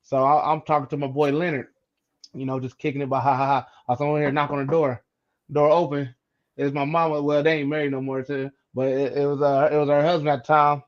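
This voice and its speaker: A man co-hosting a podcast, telling a childhood story in casual chat, animated and acting out the voices in it. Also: fairly high pitch, quick pace, muffled recording. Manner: animated, acts out quoted voices, repeats words. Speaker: podcast co-host.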